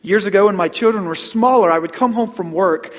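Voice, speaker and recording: A middle-aged man preaching a Christmas sermon as pastor, earnest, repeating words and dropping to a hush on key phrases. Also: high-pitched, fairly quick. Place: church sanctuary. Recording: long hall reverb.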